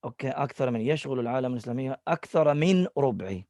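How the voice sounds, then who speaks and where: A man's voice: medium pitch, lively intonation, rapid-fire, a little mellow, no echo, studio quality. A man teaching an Arabic class over a video call, patiently going through students' sentences word by word. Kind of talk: online class feedback.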